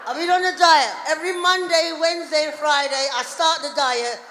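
Female stand-up, high pitch, chatty teasing delivery, long hall reverb. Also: normal speed, pushed and bright. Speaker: stand-up comedian. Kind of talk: stand-up comedy set. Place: large hall on stage. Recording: echoey reverberant hall, faint noise.

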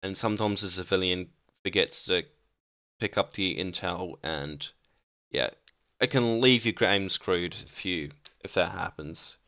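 A man's voice: low voice, a little slow, sharp tone, no room sound, clean studio sound. A young man talking casually and hesitantly about game maps, with many ums and restarts. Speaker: gaming video creator. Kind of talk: casual game map ranking commentary.

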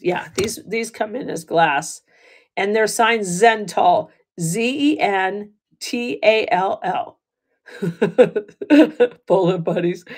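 A woman with a raspy voice hosts a live jewelry sale, speaking slowly and unhurriedly. She chats and laughs with her viewers as she shows each piece and thanks every bidder by name. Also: medium pitch. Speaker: livestream jewelry seller. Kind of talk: live auction selling chat.

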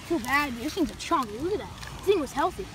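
A woman vlogging casually outdoors at a lake, chatty and excitable, with many fillers and a handheld camera. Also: high-pitched, fast talker. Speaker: fishing vlogger. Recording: outdoor noise behind the voice.

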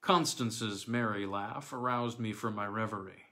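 A man narrating a classic novella in the first person, with a measured, theatrical reading. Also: on the low side, sharp tone. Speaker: audiobook reader.

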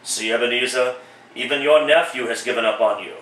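A man voicing a solemn male ghost of the present in a low, preachy, deliberate voice. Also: a bit bright, natural voice. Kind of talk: one-man comedic radio play. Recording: roomy echo, distant mic.

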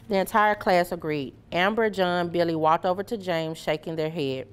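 A woman reading a children's story aloud in a clear, measured way. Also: fairly low pitch. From Memphis area, USA. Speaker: storybook reader.

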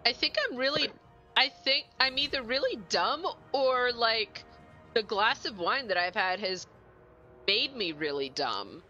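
A woman livestreaming a board game in a bright, sharp voice that swoops up and down with every remark. She chats casually, fires off quick questions and teases herself. The audio is a little dull and lo-fi. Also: fairly high pitch, soft background music. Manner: animated, self-mocking, rapid questions. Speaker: streamer playing a board game. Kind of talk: casual live-stream chat.

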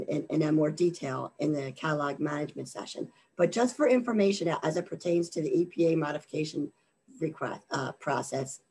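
Woman, webinar presenter, husky and low, voice worn down by allergies, hesitant delivery. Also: mellow. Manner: halting, many fillers and repeated words. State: losing her voice from allergies. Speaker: government contracting presenter.

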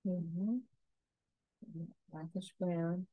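A woman teaching a painting lesson, giving soft, unhurried step-by-step instructions. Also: on the low side, flat delivery, no echo, poor audio.

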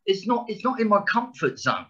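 A frank man in his sixties, talking with a tense, forceful edge in a slightly high voice. He speaks bluntly, swears freely and trips into restarts, and the audio sounds dull and lo-fi. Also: sing-song, brisk. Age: 60s. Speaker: actor guest. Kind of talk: candid podcast interview.

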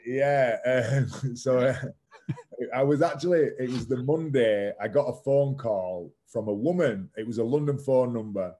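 A man's voice: medium pitch, unhurried, dark tone. A man in his thirties, a podcast guest, telling his story frankly and casually, swearing now and then and using lots of "like" fillers. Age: 30s. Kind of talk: candid conversational storytelling.

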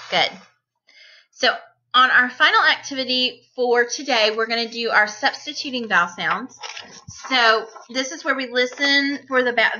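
A woman teacher leading a phonics lesson for young children, sounding out words slowly and clearly and praising each answer. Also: a little high, sharp tone, dull audio. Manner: slow, clearly segmented sounds, encouraging. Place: home, distance learning.

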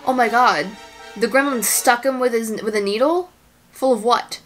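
Excitable woman reacting to a film. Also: a little high, moderate pace, soft background music. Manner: excitable, gasping and exclaiming at the screen; anxious and tearful for the characters. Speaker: movie reaction host. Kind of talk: casual film reaction commentary.

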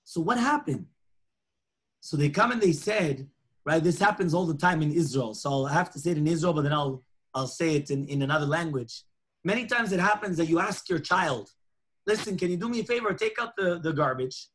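A man's voice: a little high, fairly quick, breathy edge. A man, a rabbi, teaching a lunchtime Torah class, telling stories and acting out the dialogue. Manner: animated storytelling, acting out dialogue.

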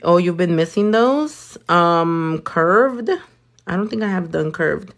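A woman's voice: lowish voice, animated, slow pace. A young woman doing her nails while chatting with live viewers, blunt and sassy, swearing often. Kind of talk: casual chat with live viewers.

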